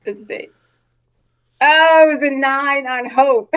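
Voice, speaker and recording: A woman player at a tabletop game speaks in a high voice at an unhurried pace, relaxed and given to laughing between rolls. Her audio sounds dull and lo-fi.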